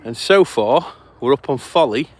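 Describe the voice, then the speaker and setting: A man's voice: medium pitch, expressive, moderate pace. A man hosting a live event outdoors by a lake, out of breath and chatty, apologizing as he talks. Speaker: host. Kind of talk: live on-the-move commentary.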